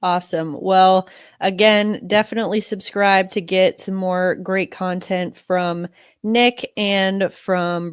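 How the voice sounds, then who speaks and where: A woman's voice: medium pitch, clear, resonant tone, no room sound, clean studio sound. A young woman hosting a casual sports podcast, sounding nasal from a cold and talking in a chatty way, with many fillers and restarts. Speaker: podcast host.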